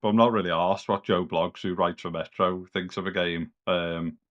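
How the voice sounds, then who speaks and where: A man's voice: low-pitched, steady tone, moderate pace, lo-fi sound. A British man chatting casually as a co-host on a gaming podcast, rambling and a bit sweary. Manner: rambling, loose and sweary, lots of "kind of".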